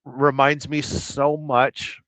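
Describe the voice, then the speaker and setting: Rambling middle-aged man, crude and smooth-voiced. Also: mid-range voice, level tone, slow pace, a bit bright, no echo. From Southern California. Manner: rambling and crude, hums nonsense syllables between comments. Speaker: truck driver live-streamer. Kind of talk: casual live-stream chat reading viewer comments. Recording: slightly dull lo-fi sound.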